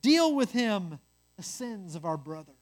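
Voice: mid-range voice, big pitch swings, measured pace. A reader doing a self-righteous tattling brother. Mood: accusing. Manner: eager and accusing. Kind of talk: storytelling.

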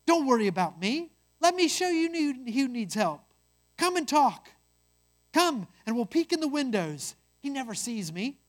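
A self-righteous, fault-finding brother who eagerly accuses his sibling, voiced by a storyteller. The voice rides higher and louder than the narration, with a keen, accusing push. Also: very animated, a little slow.

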